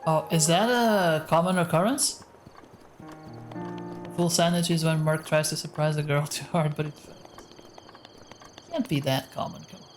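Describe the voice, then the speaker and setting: A man with a soft voice chatting casually with his viewers while he streams a game, rambling as he plays. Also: on the high side, fairly even intonation, unhurried, pauses often. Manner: rambling, talks to chat while playing. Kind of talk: casual live-stream gameplay chat. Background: faint game music.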